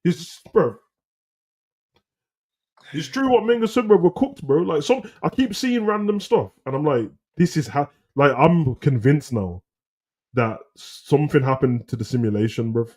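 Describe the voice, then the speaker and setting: Co-host, man, slangy rambling talker, darker mellow tone. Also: on the high side, moderate pace. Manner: slangy, rambling, animated rants. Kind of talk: casual live chat.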